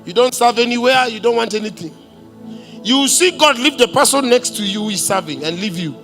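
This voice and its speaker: Kenyan man, pastor, high voice, prophetic sermon, decreeing tone, soft music behind. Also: animated, brisk. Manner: commanding, decreeing, switches into Swahili asides. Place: church service.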